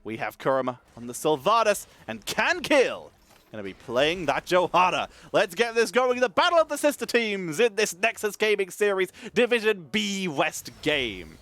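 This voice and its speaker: A man casting a live esports match, energetic and chatty, wired on caffeine and thanking subscribers between calls of the play. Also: high voice, moderate pace. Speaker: esports caster.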